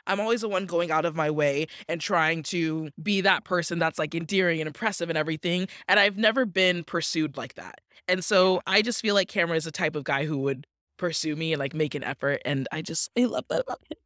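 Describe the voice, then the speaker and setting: A woman's voice: sits low, steady tone, a little fast, a bit bright, dry recording, studio quality. A woman co-hosting a podcast in casual chat, gushing and laughing often, with lots of "like". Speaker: podcast co-host.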